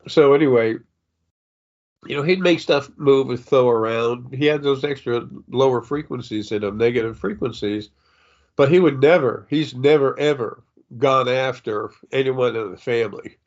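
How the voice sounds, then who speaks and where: An older man speaks as a psychic medium in a meandering spiritual monologue, stopping and restarting often with many fillers. He sniffles as he talks, and his voice sits at an average pitch for a man. The recording is dull and lo-fi. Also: normal speed.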